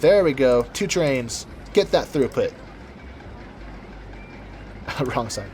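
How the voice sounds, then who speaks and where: A man's voice: mid-range voice, animated, slow pace, darkish tone, a little hiss or hum. A man casually commenting on his game as he plays, chatty and rambling, correcting himself as he goes, from the United States. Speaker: gameplay commentator. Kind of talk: casual let's-play commentary.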